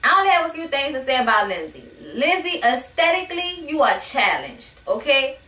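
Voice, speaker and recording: A woman's voice: high-pitched, sing-song, moderate pace, bright, forceful tone, far from the mic. A woman reviewing a reality TV episode in a sassy, blunt, profane casual rant. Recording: echoey room, voice a bit off-mic.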